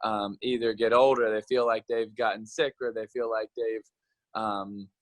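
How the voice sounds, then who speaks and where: A man's voice: fairly low pitch, flat delivery, moderate pace, no echo, low-quality recording. A man in his thirties from Florida, speaking as a guest in an upbeat, earnest way. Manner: upbeat, earnest, talks of purpose and gratitude. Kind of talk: casual conversation.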